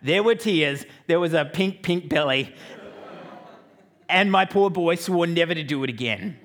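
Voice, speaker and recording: A man's voice: on the high side, unhurried. An Australian man giving a sermon as a pastor, telling a family story with joking asides to the congregation. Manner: lively, joking asides to the audience.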